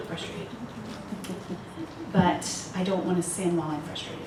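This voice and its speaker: Slow and steady, a woman in her fifties with a lowish voice addresses a women's retreat with candor, frequently laughing and making fun of herself. She's recorded in an echoey retreat meeting room on a far mic, and the sound is noisy.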